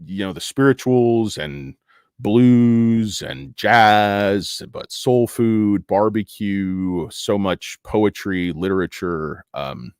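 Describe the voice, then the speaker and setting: A man's voice: lowish voice, takes it slowly, a little mellow, clean tone, dry recording, studio quality. A middle-aged man from the United States rambling emotionally as a stock market YouTuber, swearing and breaking off with fillers and restarts. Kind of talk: casual rambling monologue.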